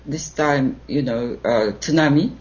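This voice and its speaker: A woman with a Japanese accent, speaking English as a second language, being interviewed as a guest in slow, broken English. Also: extremely low pitch, darkish tone. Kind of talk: interview over a remote line. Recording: dull lo-fi audio.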